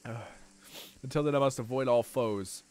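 This man streams a game with playful commentary, swearing at and answering the on-screen creatures and erupting in abrupt loud bursts. His voice is mid-range at a normal pace, with a little hiss or hum in the audio.

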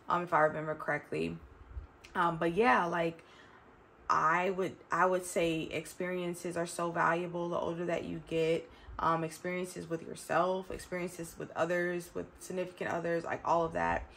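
A woman's voice: on the low side, creaky, fairly bright tone, a little hiss or hum. A woman in her thirties talking to her viewers in a chatty, emphatic way, often calling them y'all. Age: 30s. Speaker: vlogger. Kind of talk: reflective casual talk to camera.

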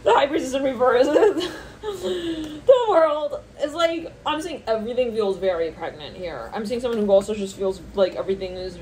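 A woman's voice: animated, fast talker, hardly any pauses, a little mellow, a little hiss or hum, rough recording. A woman doing a channeled tarot reading, thinking aloud between card names, laughing often and squealing when she quotes people. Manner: squeals high-pitched reactions when quoting people. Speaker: tarot reader.

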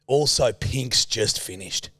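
A man's voice: fairly low pitch, slow, a bit bright, husky, no room sound, studio quality. A young Australian man co-hosting a podcast, telling a rambling anecdote in casual chat and swearing a lot. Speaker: podcast co-host.

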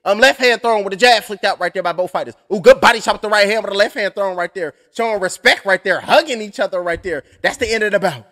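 A man's voice: sits high, quick pace, hardly any pauses, bright, forceful tone. A young adult man calling a fight blow by blow on a live stream, rambling and cursing with joking asides. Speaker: fight commentator.

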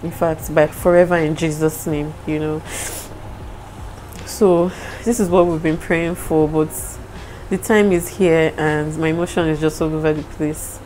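Nigerian woman, young, low voice, slow talk, personal vlog, faint room hiss. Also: level tone, a little mellow, low-quality recording. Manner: emotional, tearful and apologetic. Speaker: vlogger. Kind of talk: casual vlog talk to camera.

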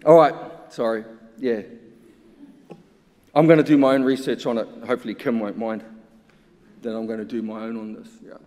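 A man's voice: mid-range voice, fairly even intonation, moderate pace, pauses often, mellow. A man, a researcher giving an impassioned symposium talk full of pointed rhetorical questions. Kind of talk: conference talk. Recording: long hall reverb.

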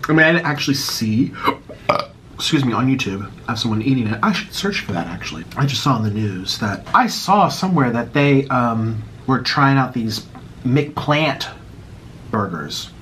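Animated American man with mock outrage. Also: mid-range voice, moderate pace, a little hiss or hum. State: out of breath. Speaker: YouTuber eating on camera. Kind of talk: casual mukbang vlog chat.

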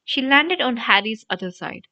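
A woman reading a storybook audiobook aloud in an animated, expressive narration. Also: on the high side, normal speed. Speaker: audiobook reader. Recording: dry, dull lo-fi audio.

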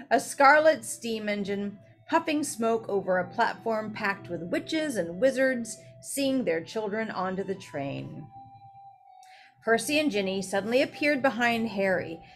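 A woman reading a novel aloud who breaks off now and then for casual, chatty asides. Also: fairly high pitch. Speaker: reader.

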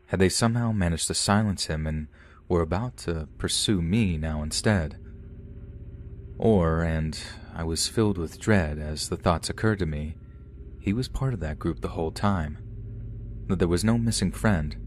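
A man reading a first-person horror story as a podcast narrator, calm and measured. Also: low-pitched.

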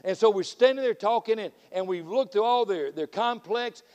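A middle-aged man with a Southern accent preaches at a revival, his raised voice ringing through the long echo of a church sanctuary. He tells folksy stories and swings from loud, fiery outbursts to quiet, dry asides. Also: high voice, normal speed, muffled recording. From Florida. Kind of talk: revival sermon with storytelling.

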